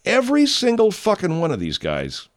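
Animated, profane male talk show host. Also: high voice, moderate pace. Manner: profane, digressive, animated storytelling. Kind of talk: casual show monologue.

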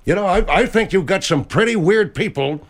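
A man's voice: sits high, lively intonation, moderate pace. A man voicing the General, a blunt, grumbling regular on a comedy talk show. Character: gruff older man called the General.

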